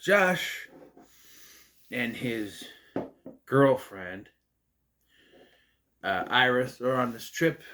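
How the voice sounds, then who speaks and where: A man's voice: medium pitch, very slow, long pauses, a little hiss or hum. A young man giving a casual, rambling movie review, often correcting himself mid-sentence. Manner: rambling, self-correcting, animated. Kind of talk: casual spoken film review.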